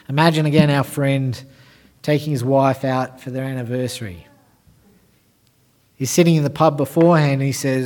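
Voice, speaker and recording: A male preacher delivering a sermon, building his points through short, emphatic, repeated phrases. His voice sits a touch higher than most men's. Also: normal speed, long pauses, darkish tone.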